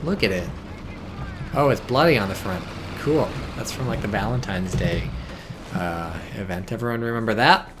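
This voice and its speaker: A man giving casual, excitable commentary on a strategy game, swearing and reading chat aloud. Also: on the low side, moderate pace, background noise. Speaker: game caster.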